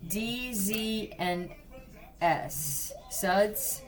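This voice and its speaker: Slow-talking woman giving a profane psychic reading. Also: medium pitch. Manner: blunt and profane, addressing the viewer directly. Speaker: psychic reader. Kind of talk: casual spoken psychic reading.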